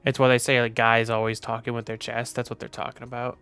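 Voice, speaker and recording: A man's voice: mid-range voice, completely flat delivery, fast talker, pushed and bright, clean tone, faint music behind. A tired, sleepy man chatting casually on a live stream, rambling and offhand with the odd swear. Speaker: VTuber streamer.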